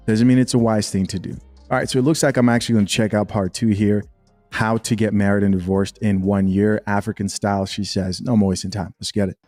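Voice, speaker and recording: A man's voice: lowish voice, little pitch movement, fairly quick, darkish tone, soft background music. A man giving blunt, opinionated commentary as he reacts to a video and talks back to it.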